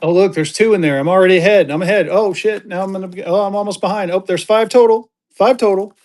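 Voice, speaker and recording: A man from Colorado running a live online auction, keeping up a rapid, upbeat patter as he adds items for bidders. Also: sits high. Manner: upbeat, rapid-fire adding items, gets excited.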